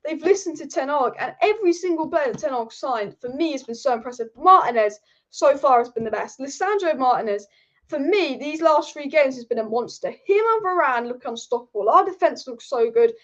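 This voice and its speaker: Woman, high-pitched, animated football stream host, casual swearing, muffled lo-fi stream sound. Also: brisk. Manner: animated, reads out viewer comments, swears casually. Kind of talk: live-stream football chat.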